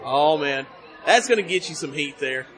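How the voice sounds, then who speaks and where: A man's voice: on the high side, expressive, moderate pace, a bit bright. A man hosting a casual podcast interview at a convention, who hypes up his guest and plugs his show. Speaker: podcast host. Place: busy convention hall.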